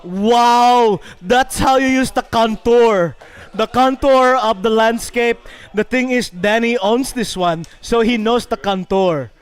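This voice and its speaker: A man doing loud, joking live commentary on a golf match. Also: very high-pitched, slow pace, few pauses, smooth. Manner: loud, joking, mixes in Tagalog. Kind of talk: playful live sports commentary.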